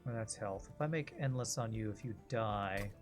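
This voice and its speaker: A man's voice: fairly low pitch, moderate pace, music in the background. A man casually commenting on his gameplay while streaming, joking with his chat between moves. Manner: chatty, jokey, talks to chat while playing. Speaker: game streamer.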